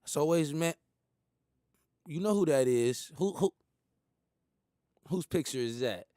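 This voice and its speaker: A man's voice: on the high side, lively intonation, takes it slowly, dark tone, no echo, studio quality. A man hosting a talk radio show, delivering an emphatic, profane, preachy monologue. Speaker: host.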